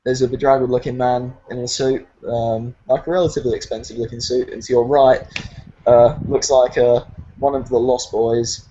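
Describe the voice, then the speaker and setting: A man's voice: mid-range voice, flat delivery, normal speed, mellow, dull audio. A man with a British accent narrating as game master, rambling with many fillers.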